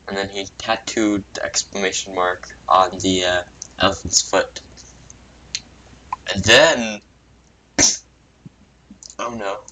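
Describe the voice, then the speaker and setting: A man narrates a goofy story while he draws, talking slowly in a low but bright, forceful voice. He rambles, amuses himself and mutters asides into a computer microphone with a faint hiss behind him. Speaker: video creator. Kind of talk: casual narration while drawing.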